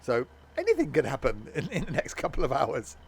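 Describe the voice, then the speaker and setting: A man's voice: medium pitch, huge pitch swings, brisk, gravelly. A tired man giving rambling, self-mocking commentary while streaming a train game, chuckling often. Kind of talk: casual live-stream commentary.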